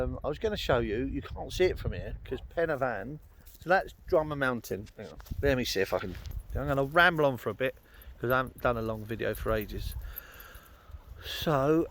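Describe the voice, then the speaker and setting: There's a bit of hiss or hum as a medium-pitched man from London chats his way through an outdoor vlog. He's on a hillside in Wales with dogs around, rambling and filling gaps with ums and uhs.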